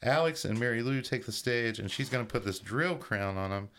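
A man's voice: medium pitch, expressive, fairly quick, fairly bright tone. A man co-hosting a horror movie podcast, recapping a plot in a loose, profane storytelling way. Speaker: podcast co-host. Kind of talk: casual chat, recapping a film plot.

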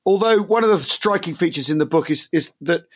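A man's voice: fairly high pitch, fairly quick. A man talks casually as a podcast co-host. He is chatty and loose, trailing into ums and false starts as he thinks aloud. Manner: chatty, hesitant with many ums and restarts. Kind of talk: casual conversation.

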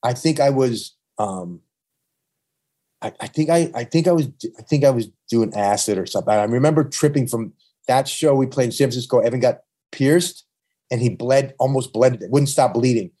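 Man, New York accent, husky, dark-toned, profane rambling storyteller, casual chat. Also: mid-range voice, normal speed. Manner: profane rambling anecdotes with frequent restarts. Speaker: touring punk musician guest.

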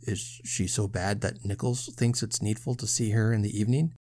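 A man reading the part of a gruff elderly nobleman, gloomy and hoarse, who murmurs his lines. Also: fairly low pitch, monotone, takes it slowly, a little mellow, full character voice.

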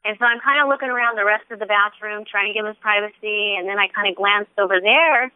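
A woman earnestly recounting a personal faith testimony, animated and acting out quotes as she tells it. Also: mid-range voice, fast, clear, resonant tone, dry recording. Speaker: guest sharing a testimony. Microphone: telephone. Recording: tinny phone line.

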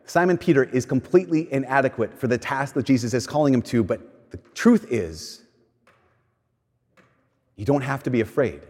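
A man delivering a conversational sermon as a pastor, slowing down for emphatic lines and speeding up through quick asides. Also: medium pitch, expressive, a little mellow. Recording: long hall reverb.

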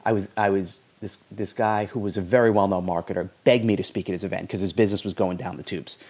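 A man's voice: sits low, steady tone, quick pace, darkish tone, breathy edge. A man talking casually as a podcast guest, rambling with many restarts and stammers. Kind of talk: casual conversation.

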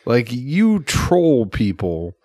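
A man's voice: mid-range voice, no room sound, clean studio sound. Man arguing in casual podcast banter. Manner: animated, argumentative, quick asides. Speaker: podcast co-host.

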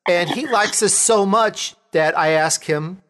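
Speaking unhurriedly in a high register, this talk show host from Chicago, USA, keeps his interview show casual. He tells jokey stories with animated flair.

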